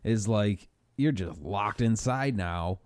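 A man's voice: fairly low pitch, animated, slow, darkish tone, no echo. Laid-back man joking in casual chat. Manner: laid-back, laughing, dry jokes.

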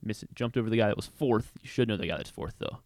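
A man's voice: on the low side, fast talker, a little mellow, no room sound, clean studio sound. A man on sports radio quizzing his co-host, reading out figures and dropping hints. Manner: quizmaster reading out stats and giving hints. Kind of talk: casual sports talk quiz. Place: radio studio.

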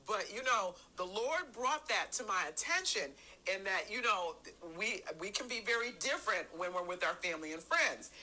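A middle-aged woman giving an earnest sermon, stressing her phrases and stretching some words out slowly. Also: medium pitch, animated, pushed and bright, rough recording. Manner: earnest, emphatic, drawn-out phrases. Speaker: church speaker.

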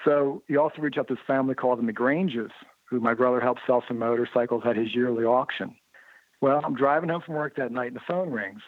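A man being interviewed, telling motorcycle racing anecdotes in a lively way and acting out the dialogue he quotes. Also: mid-range voice, a little fast, no room sound. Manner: lively storyteller who acts out quoted dialogue. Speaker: interview guest, motorcycle writer. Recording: narrow phone-like line, dry.

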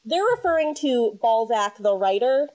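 A woman hosting a casual podcast, her voice sitting a touch high for a woman. She banters in a wry, opinionated way, quick to tease and to call things out. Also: sing-song, a little mellow. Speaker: podcast host. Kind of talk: casual chat.

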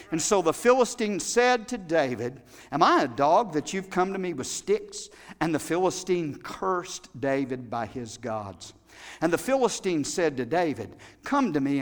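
A man preaching in a church, his voice sitting high for a man. He tells the story loosely and conversationally, then builds to shouted, impassioned preaching. A long hall reverb trails every phrase. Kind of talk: sermon.

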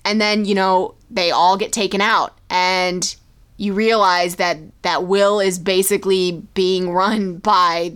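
A woman's voice: mid-range voice, flat delivery, slow pace, fairly bright tone, clear, resonant tone. A woman co-hosting a podcast, chatting casually and acting out characters' lines as she retells an episode. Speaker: podcast co-host. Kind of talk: casual chat recapping a TV episode.

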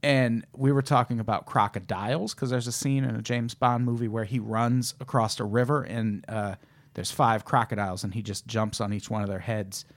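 A man's voice: medium pitch, steady tone, moderate pace. A man, a comedian guest, chatting casually with a wry, swearing manner and telling anecdotes. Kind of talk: casual chat.

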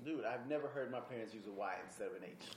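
A man's voice: mid-range voice, fast talker. A man co-hosting a podcast in casual chat, playful and jokey, teasing his co-host. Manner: playful, jokey, bursts into song.

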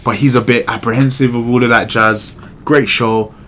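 A man co-hosting a podcast, chatting casually in an animated, slangy way and swearing freely. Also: mid-range voice, normal speed, slight background noise. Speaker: podcast co-host. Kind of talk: casual chat.

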